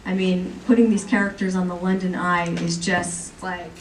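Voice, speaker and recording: A woman's voice: lowish voice, moderate pace. Woman joking through a comic con panel. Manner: lively, joking, chatty with the audience. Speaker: comics editor presenting on a panel. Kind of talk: convention panel presentation. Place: large convention hall. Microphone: recorded from the audience by a far camera. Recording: echoey hall from far off, faint noise.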